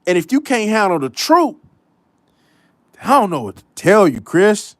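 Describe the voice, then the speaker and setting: A man delivering a casual sports commentary rant in a blunt, profane way. He speaks slowly and deliberately while his pitch swings widely, driving points home by repeating them. The recording is dry and close, with no room sound. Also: very animated, dry recording. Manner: repeats lines for emphasis. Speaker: commentary show host.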